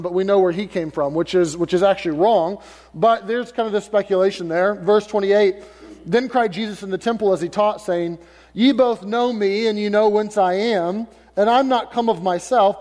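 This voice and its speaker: A man's voice: sits high, a little mellow, long reverb tail. A male pastor preaching a sermon, reading scripture aloud and then paraphrasing it in casual everyday words. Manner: reads King James verses, then paraphrases them in casual modern speech.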